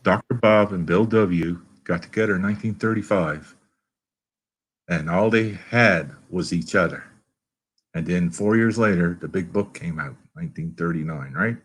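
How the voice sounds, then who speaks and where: A man's voice: sits low, normal speed, husky. A middle-aged man from Canada with a Canadian accent, telling recovery stories in a casual, earnest, folksy way. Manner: earnest, folksy, quotes people in raised voices. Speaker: recovery meeting guest. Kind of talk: casual storytelling.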